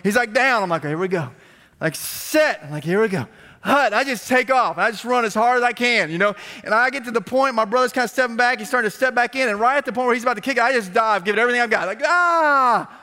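A man preaching a sermon as a pastor, telling stories in a lively, conversational way with repeated phrases, speaking to a congregation in a church. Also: extremely high pitch, rapid-fire, hardly any pauses. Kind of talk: storytelling sermon. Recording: long reverb of a large hall.

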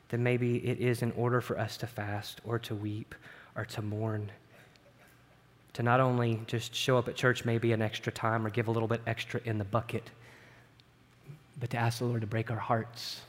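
A middle-aged man preaching a sermon in a conversational way, often asking "right?" and moving between loud, lifted passages and hushed ones. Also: medium pitch, level tone, moderate pace. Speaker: pastor. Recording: long hall reverb.

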